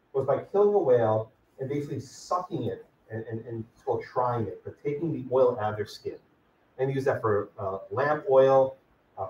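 A law professor teaches a class in a lecture classroom, casually calling on students by name and asking them questions. His voice is medium in pitch with a darkish tone, and there's slight background noise. The recording is distant, echoey, and dull.

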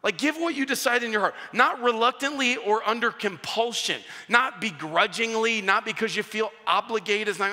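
A man preaching a sermon in a church, animated and story-driven, acting out both sides of conversations. His voice is bright and forceful and sits a little high for a man. A long hall reverb trails after his words. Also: normal speed. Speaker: pastor.

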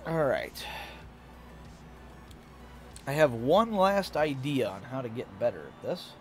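A man's voice: mid-range voice, big pitch swings, slow pace, faint music behind. A young man doing casual live-stream commentary while playing a racing game, chatting with his viewers and laughing often. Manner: chatty, reads and answers chat, laughs often. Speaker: VTuber streamer.

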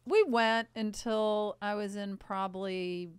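A woman co-hosting a podcast, teasing the others with deadpan asides. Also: mid-range voice, takes it slowly, clean tone, dry recording, studio quality. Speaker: podcast co-host. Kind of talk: casual chat.

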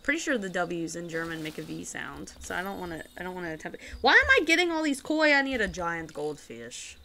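A woman's voice: lowish voice, sing-song, brisk, creaky, sharp tone, a little hiss or hum. A woman streamer chatting casually while she plays a game, rambling and giggling as she goes. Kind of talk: casual gaming chat.

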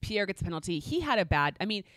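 A woman's voice: mid-range voice, fast, dry recording. Woman podcast cohost rambling along, lots of ums and likes, dry close mic. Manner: chatty, lively, many fillers and restarts. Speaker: podcast co-host. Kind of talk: casual chat recap.

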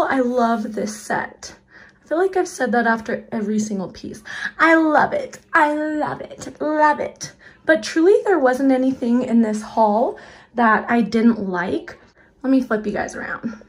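Bubbly, breathy young woman vlogger. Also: fairly high pitch, darkish tone. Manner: bubbly and gushing, addresses viewers as you guys. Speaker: fashion vlogger. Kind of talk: casual try-on haul chat to camera.

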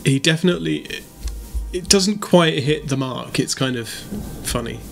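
A man's voice: on the high side, measured pace, vocal fry, soft background music. A man streaming a game, giving casual, playful commentary. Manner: chatty, playful, teasing.

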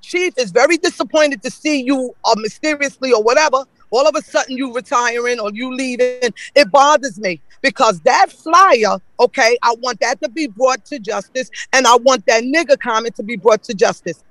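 A man's voice: very high-pitched, normal speed, hardly any pauses, a bit bright, dry recording, low-quality recording. A man giving an emotional, accusatory public comment at a city council meeting, repeating his points over and over.

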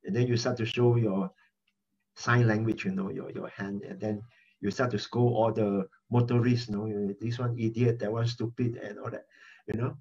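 A middle-aged man, a pastor, giving an animated, conversational sermon over a prayer chatline and repeating key phrases for emphasis. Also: on the low side, normal speed, creaky, husky. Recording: dull lo-fi phone-line audio.

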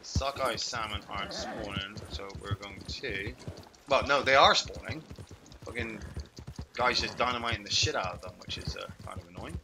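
A man's voice: on the low side, normal speed, noisy background. A man chatting casually while playing a video game, rambling, swearing, and breaking off his own sentences. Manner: rambling, swearing, self-interrupting. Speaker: game streamer. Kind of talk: casual gameplay commentary.

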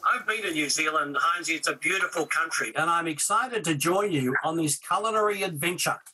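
Bright, husky-voiced man co-hosting a cooking segment, enthusiastic. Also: on the high side, fairly quick, low-quality recording. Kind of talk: scripted TV presenting.

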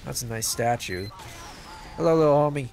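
A man giving casual, excitable gameplay commentary as a video host, swearing and joking to himself. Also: mid-range voice, normal speed, vocal fry, a little hiss or hum. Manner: excitable, yells and swears at the game; jokey self-talk.

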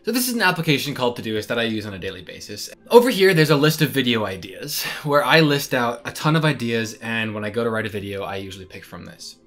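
A man's voice: mid-range voice, animated, quick pace, hardly any pauses, a bit bright. A young man and student rambling casually to camera in a vlog, self-deprecating and chatty. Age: young adult. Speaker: vlogger.

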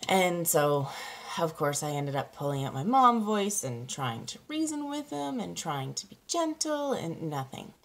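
A woman in her thirties, a parenting coach, talking candidly to camera, halting and close to tears. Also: lowish voice, very animated, creaky. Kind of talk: personal vlog monologue.

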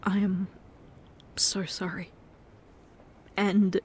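A woman doing a whispered role-play as a girlfriend, speaking in a tender, pleading, soft-spoken way. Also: mid-range voice, a little slow, long pauses. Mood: apologetic. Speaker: ASMR performer.

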